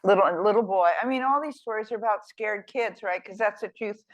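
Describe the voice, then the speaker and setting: A woman's voice: mid-range voice, brisk, dull audio. An older woman speaking as a guest author in an onstage conversation, her talk meandering through stories. She is self-deprecating and funny, often restarting a thought mid-sentence. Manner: warm, rambling, self-deprecating, humorous. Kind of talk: storytelling in a fireside chat.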